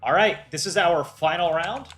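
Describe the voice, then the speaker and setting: A man's voice: fairly high pitch, normal speed, a bit bright, soft background music. A man casually hosting a livestream, chatting with viewers in a loose way with restarts and frequent laughter. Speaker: animator and livestream host.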